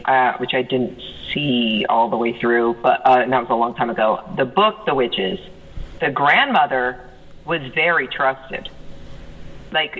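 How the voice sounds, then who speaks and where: A man in casual conversation, explaining at length in an animated way. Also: fairly high pitch, low-quality recording. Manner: animated, talks in long explanatory runs. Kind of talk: casual chat.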